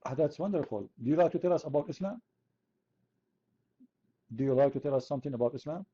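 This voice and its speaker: A man's voice: a little high, animated, fast, warm tone, breathy edge. Sarcastic man. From Middle East. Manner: sarcastic, mocking, argumentative. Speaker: chat room host. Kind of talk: online debate chat. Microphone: computer mic. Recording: lo-fi online voice chat.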